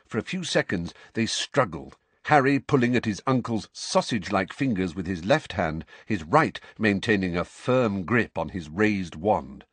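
A man narrates a novel with an animated, rolling delivery. His low voice has a husky edge, and it sits close and dry with no room sound at all. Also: normal speed, few pauses, dry recording. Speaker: audiobook narrator. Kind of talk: scripted storybook narration.

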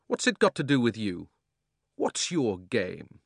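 A man reading an audiobook, voicing a troubled young boy who answers in a strained, pleading voice and sometimes bursts out loudly. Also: medium pitch, fast talker, no room sound, studio quality, close to an everyday voice. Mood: defiant. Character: anxious young boy torn by a hard choice.

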